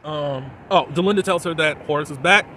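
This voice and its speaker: A man casually recapping a TV episode in a chatty, chuckling way, softening the swear words as he goes. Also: on the high side, fairly quick, a little hiss or hum, poor audio. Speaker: TV episode reviewer.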